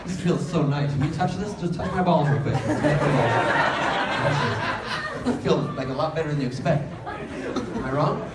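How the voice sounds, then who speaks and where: A man's voice: fairly high pitch, expressive, unhurried, very noisy. A man doing improvised stand-up crowd work, teasing the audience with brash, profane jokes and frequent laughter. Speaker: stand-up comedian. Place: comedy club stage. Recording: echoey club, distant, loud crowd. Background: audience laughter and chatter.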